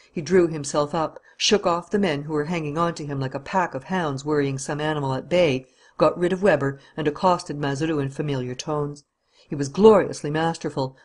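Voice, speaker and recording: Husky-voiced male audiobook narrator. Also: fairly high pitch.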